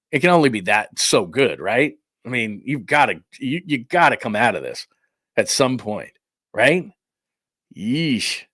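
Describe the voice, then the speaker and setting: A man hosting a sports talk show, ranting in a rambling, incredulous way and acting out quick quotes. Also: medium pitch, a bit bright, no room sound, studio quality. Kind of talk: live-stream sports talk, reading supers.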